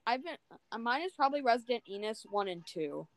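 A woman's voice: on the high side, animated, fast talker, no echo. A woman co-host chatting on a video call from her phone, laid-back and skeptical. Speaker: podcast co-host. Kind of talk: casual chat on a video call.

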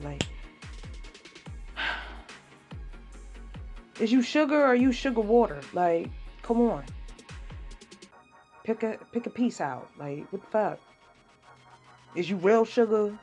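A young woman hosting her own podcast in a casual solo rant, brash and swearing, with sudden high-pitched outbursts. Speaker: podcast host.

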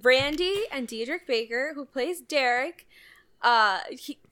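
High bright-voiced woman co-host. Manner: animated, acts out lines in quick voices. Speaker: podcast co-host. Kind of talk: casual chat about a movie.

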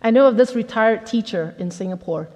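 A woman pastor with a fairly high voice gives a chatty, lively sermon, slipping into little acted-out voices as she tells her stories. Her words ring through a large hall with a long reverb trailing behind them. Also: a little fast. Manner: conversational, animated, acts out quotes.

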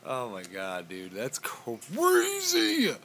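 Co-host, male, lively pitch, faint background hiss. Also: drawn-out words. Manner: reactive, laughing, short replies. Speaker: podcast co-host. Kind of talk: casual chat.

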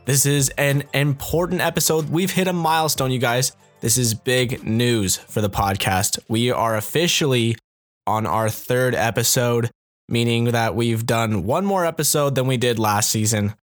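A man's voice: medium pitch, normal speed, faint music behind. A young man from Canada hosting a comedy podcast, joking and sarcastic with frequent laughter. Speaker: podcast host. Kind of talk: casual comedic podcast monologue.

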